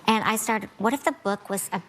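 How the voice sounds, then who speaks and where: Woman guest on a talk show set, animated storyteller, faint ambience. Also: mid-range voice, brisk, slight background noise. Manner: animated storyteller, acts out quotes. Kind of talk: casual chat.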